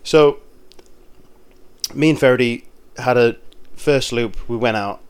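A man's voice: mid-range voice, slow, smooth. A man co-hosting a casual podcast, telling stories about caddying with frequent laughs and restarts. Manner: rambling, laughs often, restarts sentences. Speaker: podcast co-host, golf caddie. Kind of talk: casual chat.

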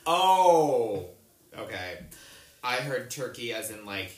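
A man's voice: mid-range voice, sing-song, slow pace. A man chatting casually with friends on a podcast, playful and teasing. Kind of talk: casual chat. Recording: echoey room.

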